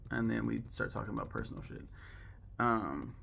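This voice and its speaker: A man's voice: fairly low pitch, big pitch swings, normal speed, creaky, pushed and bright. A young man rambling casually to camera as a vlogger, joking and swearing in an offhand way.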